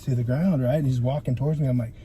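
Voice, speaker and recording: Laid-back storytelling guy, dark tone. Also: medium pitch, racing, slight background noise. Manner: animated, profane storytelling with lots of "dude" and "like". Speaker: guest photographer. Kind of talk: casual podcast storytelling.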